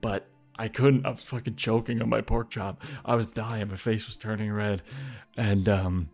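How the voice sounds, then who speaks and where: A man casually telling a story, swearing freely and acting out the people in it with sudden loud bursts. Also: lowish voice, normal speed, creaky, soft background music. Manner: animated, acts out quotes, heavy swearing.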